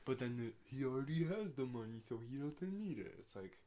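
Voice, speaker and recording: A man's voice: mid-range voice, lively intonation, brisk, warm tone. A young man co-hosting a podcast, talking bluntly and casually, often saying he doesn't know. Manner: blunt, repeats "I don't know". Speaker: podcast co-host. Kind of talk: casual chat. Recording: faint background noise.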